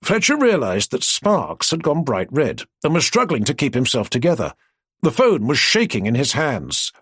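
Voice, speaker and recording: A man narrating an audiobook in an expressive storytelling way. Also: mid-range voice, normal speed, slightly rough, no room sound, clean studio sound.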